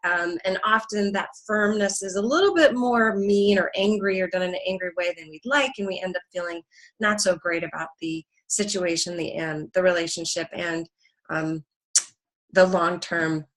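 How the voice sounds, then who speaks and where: On a low-quality recording, a middle-aged woman in a mid-range voice teaches parents through an anecdote at a normal pace. She comes across as earnest, though her speech is full of ums and restarts.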